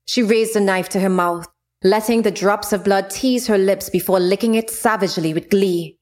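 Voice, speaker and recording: A woman reading a fantasy novel chapter aloud in a steady, expressive way. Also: mid-range voice, moderate pace. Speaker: narrator. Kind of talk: audiobook narration of a fantasy novel.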